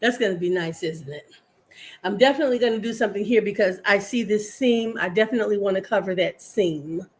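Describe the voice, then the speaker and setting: A woman's voice: mid-range voice, brisk. An older woman hosting a live crafting stream, chatting in a rambling, homey way with viewers and her pet.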